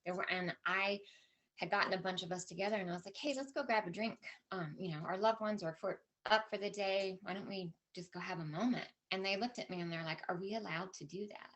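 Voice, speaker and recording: A woman's voice: medium pitch, brisk, a bit bright. A middle-aged woman speaking at a conference, telling a personal story with candid emotion and lots of quoted dialogue. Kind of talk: personal story told to an audience. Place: conference stage.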